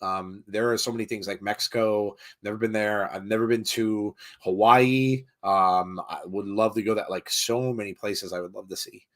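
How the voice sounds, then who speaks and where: A man's voice: fairly low pitch, steady tone, normal speed, hardly any pauses. A middle-aged American man co-hosting a live wrestling watch-along, rambling casually and reading chat comments aloud. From United States.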